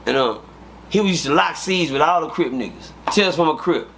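A man, an interview guest, telling prison stories in a profane, animated way and acting out the dialogue. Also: on the high side, brisk, creaky, a little hiss or hum. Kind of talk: casual storytelling.

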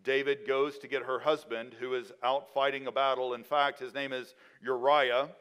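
A male pastor delivers a sermon in a church at an ordinary middle pitch. His preaching is dynamic, pushing up to loud, emphatic lines and then falling away to soft, low phrase endings. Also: flat delivery, normal speed, clean tone.

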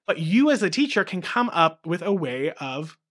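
Male music-teacher host, bright forward tone, lively storyteller. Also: fairly high pitch, moderate pace. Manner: animated, acts out kid voices and chants. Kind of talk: teaching talk with acted-out story examples.

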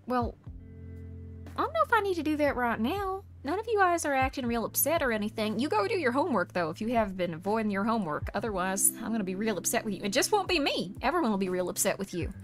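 A woman's voice: fairly high pitch, very animated, fast talker, faint music behind. A woman putting on an American Southern drawl while chatting on a stream, folksy and calling people honey. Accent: put-on American Southern.

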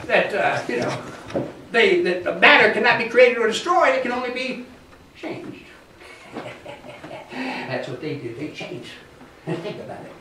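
A man voicing an excitable, folksy man who insists on a crackpot theory about dinosaurs, cackling and talking with country grammar. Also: high voice, roomy sound, recorded from a distance, slight background noise, pitched above the performer's own voice, heavily acted. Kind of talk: live storytelling character voice.

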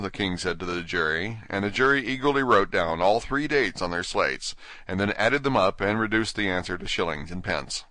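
Bright-voiced male audiobook narrator. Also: sits low, normal speed, no room sound. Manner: expressive storytelling.

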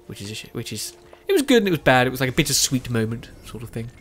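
A man's voice: medium pitch, very animated, racing, fairly bright tone, breathy edge. Worn out guy talking over his game, keeps restarting sentences, scratchy throat. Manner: rambling, self-correcting, chatty. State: tired with a sore throat. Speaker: gaming video host. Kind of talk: casual game commentary.

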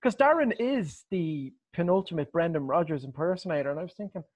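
A man hosts an easy podcast chat, stumbling over his words and chuckling as he goes. His voice sits a touch higher than most men's. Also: lively intonation, fairly quick, muffled recording. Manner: stammering restarts, chuckling. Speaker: host.

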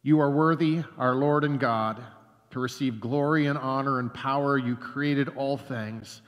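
A man preaching a sermon as a pastor, earnest, slowing down and dropping soft on key phrases. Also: medium pitch, fairly even intonation. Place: church sanctuary. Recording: long church reverb.

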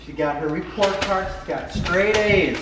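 A man's voice: sits high, moderate pace, noisy background. A man, the husband in a family vlog, chatting casually and playfully at home. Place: indoors at home. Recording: echoey room, far from the mic.

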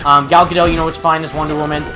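A man's voice: a little high, level tone, very fast. Rambling young man with hiccups, music behind. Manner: rambling, many fillers and restarts. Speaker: gaming channel host. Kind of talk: casual rambling commentary.

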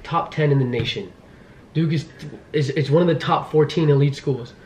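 Excited young man in an echoey room. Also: a little high, moderate pace, slight background noise. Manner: frantic, pleading and laughing nervously. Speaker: vlogger, law student. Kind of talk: casual vlog talk.

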